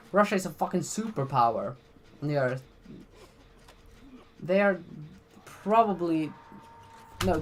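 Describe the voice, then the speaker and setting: A vlogger from Sweden giving casual commentary in a rambling, blunt and profane way, with frequent restarts. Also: mid-range voice.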